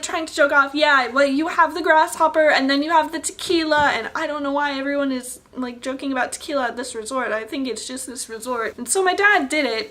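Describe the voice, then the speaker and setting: A woman's voice: high voice, pushed and bright. A young adult woman ranting to camera in a resort hotel room. She sounds exasperated, swears often and rambles through restarts. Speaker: vlogger.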